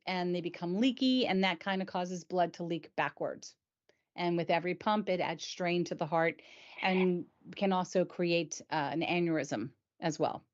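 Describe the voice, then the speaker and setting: Chatty woman host, lo-fi sound. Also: on the low side. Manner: chatty, enthusiastic, stumbles over medical terms. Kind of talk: casual explainer chat. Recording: dull lo-fi sound.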